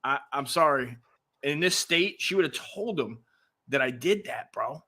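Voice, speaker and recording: Podcast co-host, middle-aged male, animated and crude storyteller, bright forward tone. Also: mid-range voice, measured pace. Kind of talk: casual storytelling chat.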